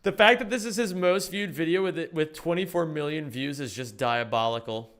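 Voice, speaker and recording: A man reacting on a live stream, animated and thinking aloud with casual swearing. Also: a little high, a little fast.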